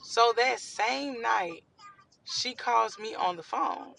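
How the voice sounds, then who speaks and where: Slow and creaky at a medium pitch, this young adult vlogger energetically performs a casual storytime, voicing every character's dialogue and sometimes nearly shouting. The audio quality is poor.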